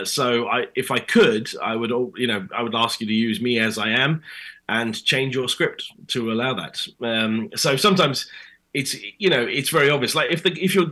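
A British actor chatting as an interview guest, telling stories and acting out both sides of past conversations. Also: male voice, medium pitch. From Britain. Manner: animated storyteller, acts out both sides of conversations. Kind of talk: casual interview chat.

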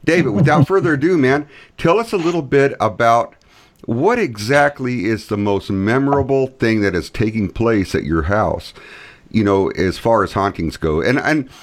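Lively talk show host man. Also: medium pitch, normal speed. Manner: enthusiastic, rambling questions.

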